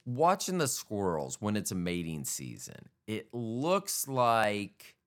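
A man's voice: lowish voice, wildly swooping pitch, takes it slowly. A man hosting a podcast, rambling casually on his own in a jokey, profane way. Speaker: podcast host. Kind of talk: casual solo podcast monologue.

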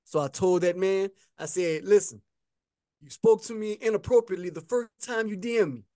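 A man's voice: high-pitched, normal speed, warm tone, no echo, studio quality. A man co-hosting a podcast, casually telling a story and acting out the back-and-forth he quotes. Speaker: podcast co-host.

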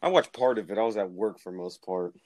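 A man's voice: fairly low pitch, a little fast, darkish tone, dry recording. A man co-hosting a casual chat, easygoing and agreeable, thinking aloud as he talks. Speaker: podcast co-host.

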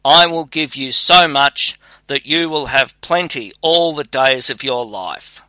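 A man voicing a powerful, bargaining male spirit from a bottle in a read-aloud fairy tale, speaking in a measured, coaxing way. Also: medium pitch, pushed and bright, dry recording.

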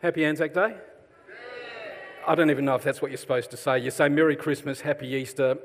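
A man's voice: fairly high pitch, steady tone, fast talker. Aussie preacher guy, middle-aged, chatty and jokey with the crowd, church hall echo. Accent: Australian. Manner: chatty, self-deprecating, jokes with the congregation. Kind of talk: sermon. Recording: long hall reverb.

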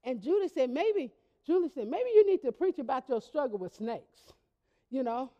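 High-voiced woman pastor preaching. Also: moderate pace, long reverb tail, lo-fi sound. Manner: conversational storytelling with lively emphasis. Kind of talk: sermon.

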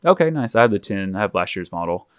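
Rambling American man with a low voice. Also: sing-song, fast talker, clean tone, dry recording, studio quality. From United States. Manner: rambling, self-correcting, laughs often. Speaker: podcast host. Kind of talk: casual conversational interview.

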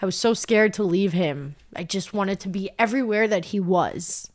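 A woman's voice: mid-range voice, moderate pace. A young woman telling a personal story in an emotional, intense way, her voice climbing when she gets upset.

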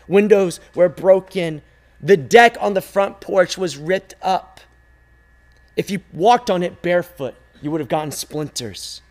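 A man telling a parable slowly and expressively, calling out loudly at times and sinking to a hush at others. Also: high-pitched. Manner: slow, expressive telling, swinging from loud calls to hushed near-silence. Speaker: storyteller. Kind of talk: dramatic storytelling.

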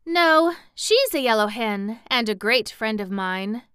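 Woman voicing a bright, eager little girl. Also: on the high side, expressive, takes it slowly, clear, resonant tone, dry recording, studio quality. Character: cheerful confident little girl.

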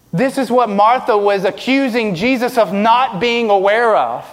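A man preaching a sermon as pastor, asking the congregation rhetorical questions, rising and dropping from loud to quiet. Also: expressive, a little slow, hardly any pauses, big-room sound. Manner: preaching with rhetorical questions, pitch and volume swinging widely.

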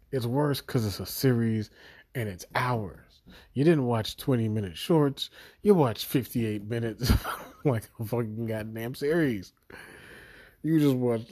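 A man's voice: mid-range voice, dark tone. A man giving an exasperated, profanity-laden video review of a series he thinks let him down. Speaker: show reviewer.

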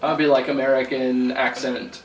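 A man with a mid-pitched voice teases his podcast partner in a dry, deadpan way during a casual chat. He is recorded from a distance in a roomy space that echoes, with a faint hiss in the background. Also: normal speed. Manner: dry, teasing. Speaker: podcast co-host. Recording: roomy sound from a distant mic, faint noise.

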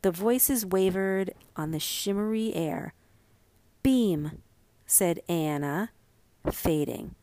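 A woman reading a story aloud as narrator, calm and measured. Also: mid-range voice, no room sound.

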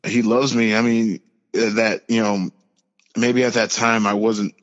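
A young man, a podcast guest, telling a personal story in an earnest, halting way with many fillers and restarts. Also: on the low side, flat delivery. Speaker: podcast guest, pro football player. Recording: lo-fi with long reverb.

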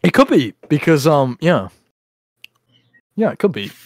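A man's voice: fairly high pitch, very animated, unhurried. A man hosting a casual podcast chat, rambling and provocative, often breaking into laughter.

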